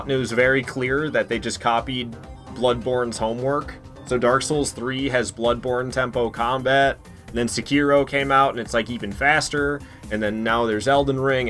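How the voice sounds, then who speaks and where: A man streaming a game, talking casually and swearing a lot as he rambles and reacts. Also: medium pitch. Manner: profane, excitable, rambling. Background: faint game music.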